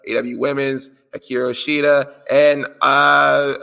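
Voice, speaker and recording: Gravelly, bright-voiced podcast co-host. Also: male voice, mid-range voice, flat delivery, a little slow. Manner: joking, playful, slangy. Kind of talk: casual chat, reading listener answers.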